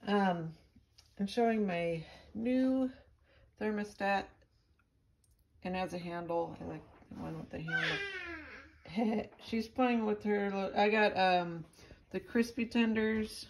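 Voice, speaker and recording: A woman talks to her camera in a slow, unhurried ramble, mid-pitched and easygoing. She drifts between chatting with her viewers and cooing softly at her pet. A faint hiss sits under the recording. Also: animated, rough recording. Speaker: vlogger. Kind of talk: casual chat to camera.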